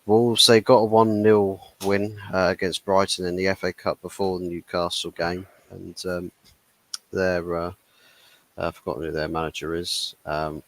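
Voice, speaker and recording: Low, creaky male panelist, halting and self-mocking. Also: flat delivery, dry recording. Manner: hesitant, many fillers, laughs at himself. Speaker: football podcast panelist. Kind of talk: casual chat.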